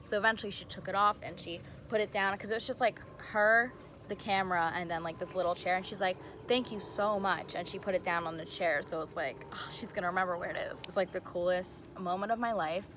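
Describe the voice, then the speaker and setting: Excited young woman gushing in a vlog. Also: fairly low pitch, fast, background noise. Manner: excited and gushing, heavy use of "like". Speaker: vlogger. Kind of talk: casual storytime vlog.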